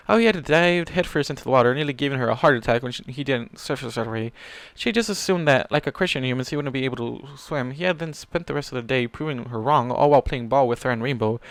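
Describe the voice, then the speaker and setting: A man's voice: medium pitch, fairly bright tone, clear, resonant tone, no echo. A man reading fan fiction aloud in a plain manner, with casual asides and small self-corrections.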